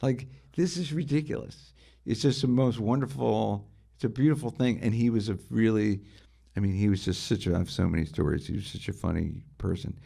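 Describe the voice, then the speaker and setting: A man's voice: fairly low pitch, a little fast, vocal fry, dark tone, husky. A middle-aged man, a guitarist and music writer, telling enthusiastic anecdotes as an interview guest and asking rhetorical questions. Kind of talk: storytelling in a conversational interview.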